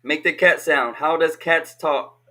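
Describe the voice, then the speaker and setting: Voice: medium pitch, measured pace, sharp tone. A teacher leading an online language lesson for children, patiently repeating each question over a video call.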